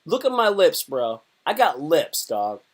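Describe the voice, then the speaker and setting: A man's voice: a little high, huge pitch swings, unhurried. A man doing a casual comedy live stream, talking in a rambling, crude, joking way.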